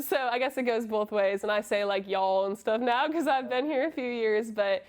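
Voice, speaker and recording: A woman's voice: fairly high pitch, normal speed. A young woman in her twenties from Massachusetts, a college soccer player answering interview questions in a friendly, casual way with many fillers. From Massachusetts, USA. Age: 20s.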